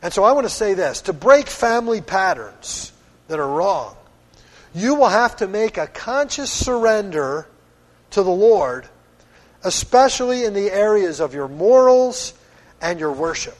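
A man's voice: sits high, big pitch swings, a little slow. A middle-aged man from Pennsylvania preaching a sermon as pastor, earnest and firm in a conversational way. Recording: long hall reverb.

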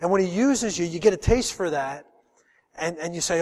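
A man's voice: sits high, animated, normal speed, darkish tone, long reverb tail. A middle-aged man preaching a sermon as pastor, telling a personal story in an earnest, emotional way.

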